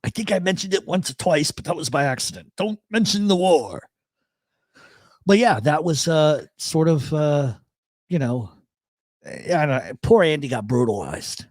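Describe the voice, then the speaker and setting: A man's voice: on the high side, normal speed, dry recording, studio quality. A man hosting a live radio chat show, telling stories and reading chat messages aloud, heavy on profanity. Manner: profane, storytelling, animated.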